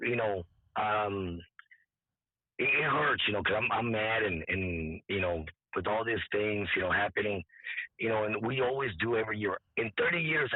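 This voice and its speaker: A hoarse man, an event organizer telling a story in halting, repetitive speech, as if his voice is nearly gone. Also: on the low side, no room sound. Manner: halting, repeats words, quotes others. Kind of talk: casual interview storytelling. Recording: dry tinny phone-like line.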